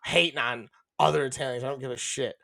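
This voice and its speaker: A man's voice: mid-range voice, fairly even intonation, quick pace, gravelly, fairly bright tone. A man co-hosting a podcast, telling rambling, profane stories and laughing often as he talks. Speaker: podcast co-host. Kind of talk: casual chat.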